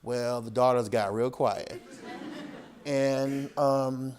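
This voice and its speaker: A man giving an author talk to an audience, telling lively stories with laughter and acted-out voices. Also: mid-range voice, extremely slow. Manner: animated, laughing, acts out voices in anecdotes. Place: public hall with audience.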